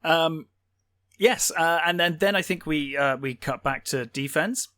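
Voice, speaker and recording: Bright man chiming in on a podcast. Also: fairly high pitch, measured pace, no echo. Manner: agreeable, chimes in with frequent yeahs. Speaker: podcast co-host. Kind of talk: casual film podcast chat.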